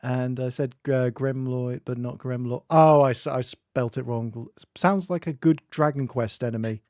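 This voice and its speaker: A man's voice: medium pitch, normal speed, a little mellow, no echo, clean studio sound. A man streaming and chatting casually, reading chat aloud and laughing often.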